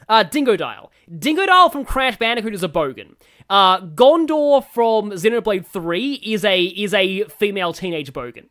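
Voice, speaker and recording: An Australian woman talks through a game stream in a loose, rambling way, full of fillers. Her pitch moves around a lot as she chats. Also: animated, moderate pace, a bit bright. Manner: chatty, rambling, many fillers. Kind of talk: casual live-stream commentary.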